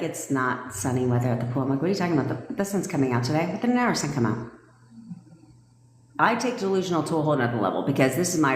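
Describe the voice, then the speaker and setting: A lower-voiced woman gives brash, profane coaching straight at her listeners. She scolds and hammers her points home. The sound bounces around a room with a long, ringing tail. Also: slight background noise. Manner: brash, swearing, emphatic and scolding. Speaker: manifestation coach. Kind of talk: blunt, profane live-stream coaching rant. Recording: echoey room with long reverb.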